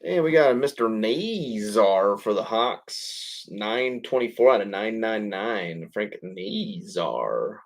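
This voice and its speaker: A man's voice: fairly low pitch, sing-song, takes it slowly, hardly any pauses. A man hosting a live trading-card break, calling out each pull in a casual, rambling way, with the odd curse and chuckle. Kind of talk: live card-opening commentary.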